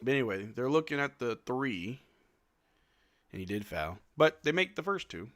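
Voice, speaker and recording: A man hosting a casual live watch-along, calling plays excitedly at home and tossing in joking asides with lots of "bro.". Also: medium pitch, moderate pace. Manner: excitable play-by-play mixed with joking asides, says "bro" often. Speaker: live stream host.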